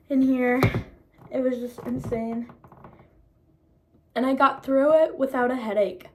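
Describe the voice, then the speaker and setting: Excited and disbelieving, a young woman tells her story in a laid-back vlog, her pitch on the high side and her talk loose and full of filler words.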